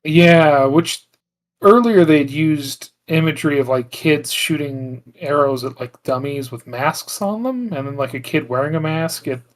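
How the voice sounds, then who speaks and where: A man with a fairly high-pitched, unhurried voice co-hosts a podcast. Chatting casually, he recaps a film's plot in a rambling way, peppered with "like" and other fillers and plenty of restarts.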